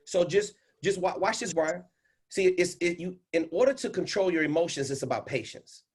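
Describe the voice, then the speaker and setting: A man coaching a caller on a livestream. He is animated and instructive and swings between loud and hushed delivery. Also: sits high, moderate pace, slightly rough. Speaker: speaking coach and host.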